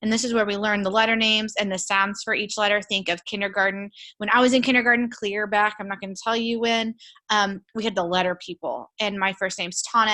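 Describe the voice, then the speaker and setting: A woman's voice: medium pitch, bright, forceful tone. A young woman teaching a recorded college lecture, casual and chatty with frequent fillers, speaking into a computer mic. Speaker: college instructor. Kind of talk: recorded lecture with shared screen.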